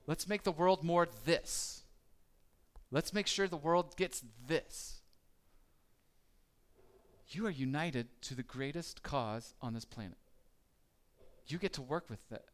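A man's voice: on the high side, slow, pauses often. A man preaching a conversational sermon, asking the listeners questions and acting out their worries. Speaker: pastor.

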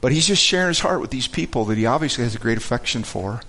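A man's voice: mid-range voice, expressive, sharp tone. Earnest man teaching from the Bible. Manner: earnest, halting, with many repeated words.

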